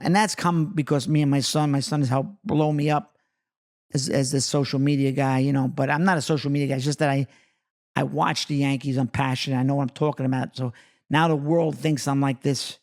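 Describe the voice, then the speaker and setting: A middle-aged man from New York, a guest actor telling excitable, swearing anecdotes in casual chat. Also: medium pitch, brisk, gravelly. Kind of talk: animated storytelling in casual chat.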